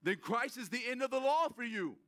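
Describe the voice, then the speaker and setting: Male pastor, very high and bright voice, fired-up sermon delivery, calls out to the congregation. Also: lively intonation, brisk. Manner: fired-up, addresses congregation directly, emphatic repetition. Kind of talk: energetic sermon. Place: church sanctuary.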